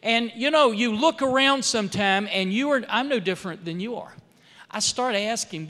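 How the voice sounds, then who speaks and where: A man, a congressman, telling stories in a speech at a church, swinging between loud and soft emphasis and acting out quoted dialogue. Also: high voice, lively intonation, moderate pace. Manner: storytelling with rising and falling emphasis, quoting others in dialogue. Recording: long hall reverb.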